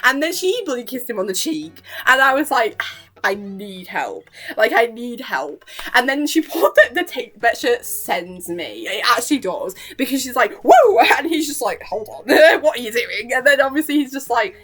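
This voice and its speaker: A woman's voice: high voice, animated, brisk, hardly any pauses, fairly bright tone, faint music behind. A young woman chatting casually about a cartoon episode, giggling often and acting out the characters' lines as she gushes. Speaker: YouTuber reviewing a cartoon episode. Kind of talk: casual reaction chat.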